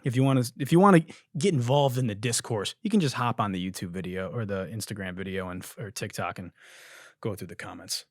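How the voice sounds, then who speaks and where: A man's voice: fairly low pitch, fairly quick, no room sound, clean studio sound. A young man hosting a comedy podcast, telling a story with lots of swearing and playing out both sides of a conversation. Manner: profane, animated, acts out both sides of a conversation. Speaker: podcast host.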